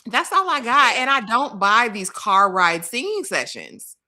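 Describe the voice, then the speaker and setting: A woman's voice: on the high side, very animated, measured pace, bright, forceful tone. A woman co-hosting a casual movie review chat, giving blunt, exasperated commentary. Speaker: podcast co-host.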